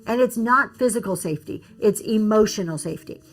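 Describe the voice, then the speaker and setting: A woman's voice: mid-range voice, brisk. A woman giving casual business advice on a livestream, reading and answering comments from chat. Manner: chatty, reads and answers comments, restarts often.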